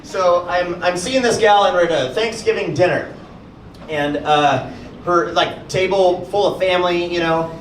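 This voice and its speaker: A man performing a stand-up comedy set, telling stories with lots of animation and acting out other people in high voices. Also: a little slow. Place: comedy club stage with audience. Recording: echoey club, far-off mic, audience noise.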